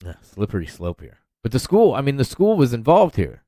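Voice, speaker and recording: A man's voice: mid-range voice, wildly swooping pitch, fairly quick, few pauses, warm tone, no echo. A man in his thirties hosting a podcast, ranting in a profane, rambling, heated way. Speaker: podcast host. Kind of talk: solo rant podcast.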